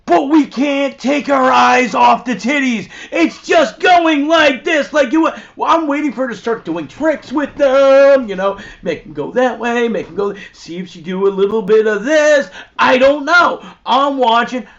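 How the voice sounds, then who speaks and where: A man hosting and telling a rambling, profane, animated anecdote in a crude comic style. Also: very high voice, unhurried, creaky, hardly any pauses. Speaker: host. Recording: dull lo-fi recording.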